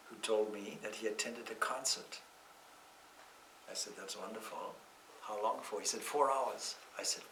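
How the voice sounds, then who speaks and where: A man with a bright, clear voice gives a calm, reflective scripture class. He sits back from the microphone, and the room around him rings with echo. His phrasing is slow and deliberate. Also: lowish voice, recorded from a distance, slight background noise. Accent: Irish. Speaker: monk teaching scripture. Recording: echoey room, speaker off-mic.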